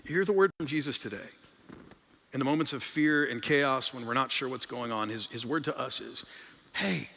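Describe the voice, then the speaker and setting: Bright-voiced pastor preaching in an echoing hall. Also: male voice, brisk, a little hiss or hum. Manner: conversational, rises in pitch and volume for emphasis, repeats words. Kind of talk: sermon. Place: church sanctuary. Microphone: stage microphone. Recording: long reverb of a large hall.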